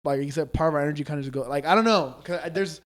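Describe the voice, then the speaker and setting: A man's voice: on the high side, rapid-fire. A man co-hosting a podcast, telling ghost stories in casual chat, loose and swearing, acting out the people he quotes. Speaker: podcast co-host.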